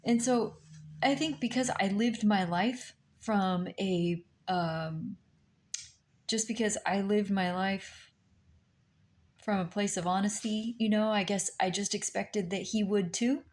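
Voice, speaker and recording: A woman slowly telling a painful personal story, halting with many pauses and fillers, recorded on a laptop mic. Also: mid-range voice, a little mellow. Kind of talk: personal testimony, slow and halting. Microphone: laptop mic on her lap.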